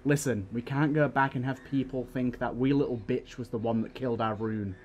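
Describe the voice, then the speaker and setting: A man voicing a blunt, forceful male warrior who speaks firmly, in a read-aloud game story. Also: mid-range voice, steady tone, brisk, muffled recording, a little hiss or hum, close to an everyday voice. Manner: firm, forceful.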